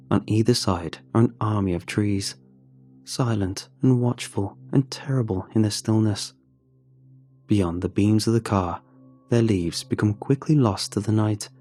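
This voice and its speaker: Low, mellow-voiced horror narrator. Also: male voice, slightly rough. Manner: measured, tense first-person storytelling.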